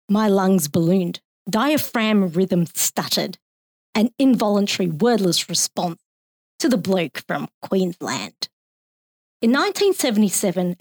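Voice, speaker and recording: Aussie woman reading her own poem, steady and expressive, dry sound. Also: mid-range voice, dry recording. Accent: Australian.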